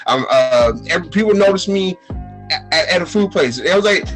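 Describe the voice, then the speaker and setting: A man's voice: high-pitched, brisk, a bit bright, soft background music, rough recording. A young man with a Texas accent, telling stories in a casual podcast chat, acting out quotes with many fillers and restarts. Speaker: podcast guest.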